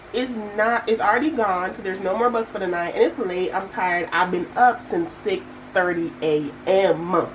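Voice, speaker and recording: A young woman, chatting casually to viewers as she works through her budget, telling stories with lively asides. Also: mid-range voice, slight background noise, low-quality recording. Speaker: budgeting vlogger. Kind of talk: casual chat while budgeting.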